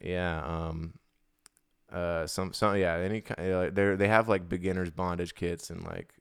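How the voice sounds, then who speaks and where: A man's voice: low voice, fairly even intonation, measured pace, clean tone, no room sound, studio quality. A young man co-hosting a podcast, rambling through crude comedic banter. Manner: rambling, vulgar, breaks into mock rap singing. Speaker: podcast co-host.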